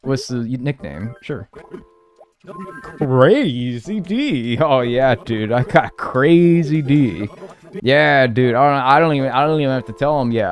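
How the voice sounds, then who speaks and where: A young man streaming a game live, talking to his viewers with playful mock outrage and a lot of swearing. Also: medium pitch.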